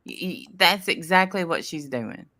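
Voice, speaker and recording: A woman's voice: sits low, expressive, normal speed, sharp tone, no room sound, clean studio sound. A woman hosting a casual commentary chat, playful, often stammering and restarting. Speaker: channel host.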